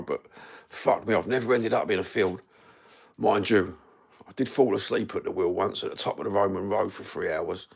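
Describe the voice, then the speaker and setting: Middle-aged Cockney man, gravelly and low, sweary livestream storyteller. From East London, England. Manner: sweary, rambling, matter-of-fact. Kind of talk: rambling storytelling.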